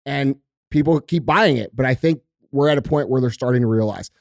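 A man's voice: mid-range voice, a little fast, gravelly, dry recording, studio quality. A man co-hosting a podcast, ranting in heated casual talk and swearing often. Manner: profane, emphatic ranting. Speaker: podcast co-host.

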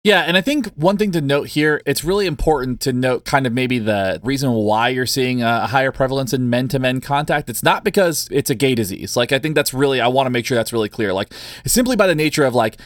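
A man's voice: medium pitch, expressive, brisk, dry recording, clean studio sound. A man co-hosting a podcast, talking in an earnest, chatty, explanatory way. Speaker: podcast co-host. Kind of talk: casual explanatory chat.

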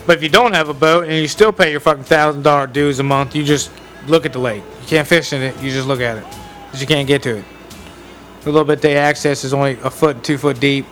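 A man's voice: a little high, fairly even intonation, fast, a bit bright, faint music behind. A man telling a long, profane story on a podcast, acting out both sides of an argument. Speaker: podcast co-host. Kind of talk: casual storytelling chat.

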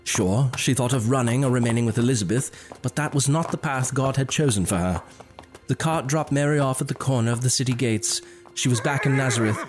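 Male storyteller, mid-pitched, measured and dramatic, soft music behind. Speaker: narrator. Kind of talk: scripted story narration.

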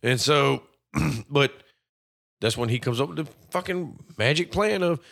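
A man co-hosting a casual movie discussion, swearing freely and acting out characters in quick quoted bits. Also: fairly high pitch, creaky. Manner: profane, animated, acts out characters in quotes. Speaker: podcast co-host.

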